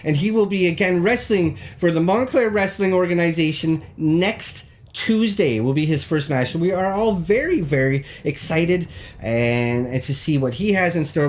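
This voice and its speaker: Rambling deadpan man hosting a call-in show. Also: on the high side, moderate pace, few pauses. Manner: rambling, deadpan, jokey, stumbles over words. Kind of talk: mock local news segment on a live stream.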